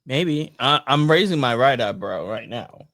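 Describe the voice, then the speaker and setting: A man co-hosting a podcast in casual chat, joking in a playful, deadpan way. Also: medium pitch, a little slow, dry recording, clean studio sound. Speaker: podcast co-host.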